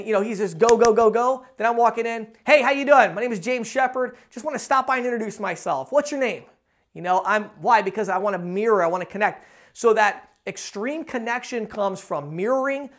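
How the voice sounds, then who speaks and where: Energetic male sales trainer, direct to camera, acts out pitches.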